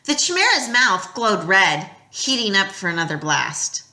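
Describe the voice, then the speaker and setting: Brief: animated female audiobook narrator, bright and lively, tense beats read softer, roomy echo. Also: mid-range voice, measured pace. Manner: expressive storytelling, drops quiet at tense moments. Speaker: audiobook reader. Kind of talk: first-person novel narration.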